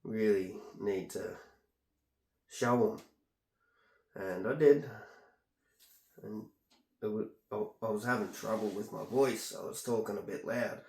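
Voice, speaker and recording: A man's voice: fairly low pitch, takes it slowly, creaky, long pauses, a little mellow. A man rambling on in a casual, aggrieved monologue while doing a home treatment. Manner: aggrieved, meandering, talks while ear candling. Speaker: vlogger. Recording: echoey room.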